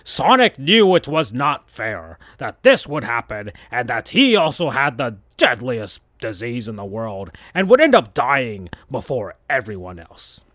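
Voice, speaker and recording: A man hosting a podcast, reading fan fiction aloud in a slow deadpan comedic style. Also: medium pitch, no echo, clean studio sound.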